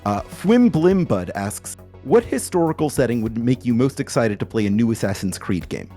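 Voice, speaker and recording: A man's voice: mid-range voice, very animated, moderate pace, dark tone, soft background music. A man hosting a game podcast, reading listener questions aloud with wry asides. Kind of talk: casual chat.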